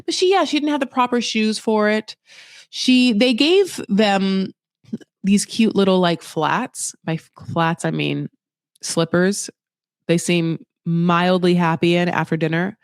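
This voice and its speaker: Chatty, sarcastic recap host, dry close mic. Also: male voice, high voice, unhurried, smooth, dry recording. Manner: chatty and sarcastic, acting out the people he describes. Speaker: podcast host. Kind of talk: casual reality TV recap.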